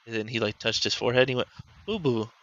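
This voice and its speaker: A man with a mid-range voice races through a personal story as a father, delivering it flatly on his podcast. His casual telling rambles loosely, and he uses "like" a lot. His voice is a bit bright, and the recording has its highs cut off.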